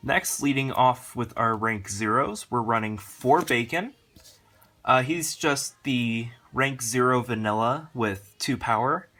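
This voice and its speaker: A man hosting a card game channel, talking through his deck in a rushed, rambling way, full of fillers. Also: medium pitch, sharp tone. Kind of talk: casual deck walkthrough.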